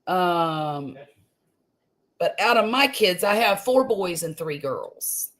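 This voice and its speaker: A grandmother in her fifties talks her way through a home live stream, unhurried and rambling. Her voice sits a little low, and she drawls along at an easy, slow pace, dropping fillers and laughing often. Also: lively intonation, fairly bright tone. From US Gulf Coast. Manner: chatty, homey, laughs easily, trails off with fillers. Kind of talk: casual live-stream chat. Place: home room.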